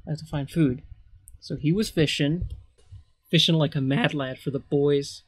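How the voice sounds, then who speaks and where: A man's voice: on the high side, steady tone, moderate pace, breathy edge, dry recording. A man giving casual gameplay commentary as a let's player, rambling with sarcastic asides.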